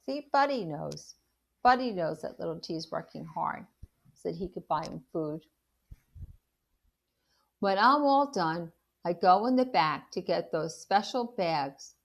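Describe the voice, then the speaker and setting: A woman reads a children's novel aloud in the manner of a teacher, animated and expressive in her storytelling. Her voice sits on the lower side and she takes her time. She breaks off now and then to put questions about the story to her listeners. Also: measured pace, creaky, pauses often.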